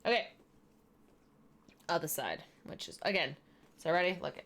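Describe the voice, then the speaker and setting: A woman's voice: low voice, moderate pace, fairly bright tone, a little hiss or hum. A woman chatting casually while she does her makeup, explaining each step as she goes. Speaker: streamer doing makeup. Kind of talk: casual makeup tutorial chat.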